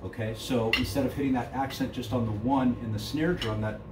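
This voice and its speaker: A fairly quick, medium-pitched male voice with fairly even intonation belongs to a middle-aged drum instructor. Teaching casually in his studio, he talks loosely with lots of fillers and counts beats aloud, recorded in an echoey, noisy room from far off.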